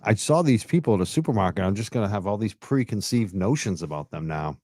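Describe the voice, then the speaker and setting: A man with a low, mellow voice breaks in with sarcastic jabs in casual banter. He sounds close and dry. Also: lively intonation, quick pace, no echo. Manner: sarcastic, mocking.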